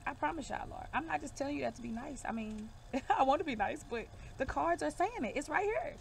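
A woman's voice: sits high, expressive, fairly quick, creaky, a little hiss or hum. A woman giving a casual card reading to camera, emphatic and reassuring, calling her viewers y'all and baby. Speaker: divination reader.

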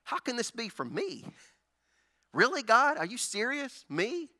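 A bewildered teenage girl frets aloud in disbelief, as a high-voiced preacher puts her on. Her questions are bright and edgy, full of worry. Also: wildly swooping pitch, unhurried, full character voice. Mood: worried. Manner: incredulous, fretful questioning.

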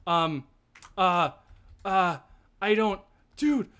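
A man co-hosting a video game let's play, chatting casually, rambling and jumpy, quick to panic. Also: high voice, expressive, fairly bright tone. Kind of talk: casual gameplay chat.

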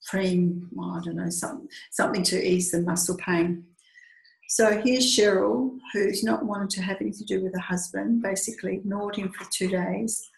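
A woman telling a personal story in a heartfelt, lively conversational way, with small hesitations. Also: mid-range voice, vocal fry. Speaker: storyteller recounting a pilgrimage walk. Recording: echoey room.

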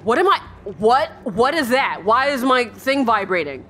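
A woman playing a horror game and commenting as she goes, jumpy, yelping when startled and muttering quietly when she is tense, often calling to her in-game dog. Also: fairly high pitch, sing-song, normal speed, slight background noise. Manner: jumpy, yelps and shrieks, then drops to a hushed mutter. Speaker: let's play streamer.

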